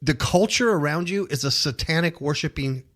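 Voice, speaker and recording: A man's voice: fairly high pitch, normal speed. A man hosting a talk show, chatting casually and joking, often mocking people in put-on voices. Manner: animated, jokey, puts on mocking voices. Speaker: podcast host.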